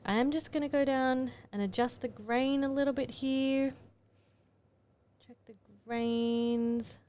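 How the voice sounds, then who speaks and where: Speaking in a high-pitched voice with a darkish tone, a woman photographer narrates her editing steps at a moderate pace. The tutorial is casual and chatty, with her muttering to herself while she works.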